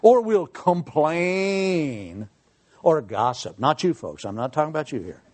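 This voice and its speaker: A man preaches a folksy, humorous sermon, his voice sitting a little high. He swings up and down with lively pitch and drops quiet for serious points. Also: unhurried. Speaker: pastor.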